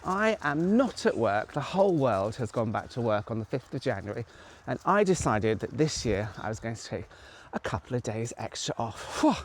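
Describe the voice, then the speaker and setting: A vlogger talks casually to the camera with a very lively, swooping pitch. They often slip into high, sing-song baby talk with their dogs. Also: normal speed. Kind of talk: casual vlog narration. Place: a house and snowy fields outdoors.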